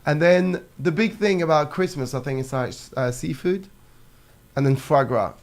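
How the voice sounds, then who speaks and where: A man's voice: on the high side, normal speed. A man from France with a French accent, chatting casually over drinks, laughing often and padding his talk with fillers. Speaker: guest.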